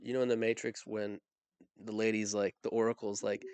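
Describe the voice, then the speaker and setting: A man's voice: fairly low pitch, level tone, brisk, darkish tone, clear, resonant tone, no echo. A man co-hosting a podcast, reacting with wry teasing in a casual chat. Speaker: podcast co-host.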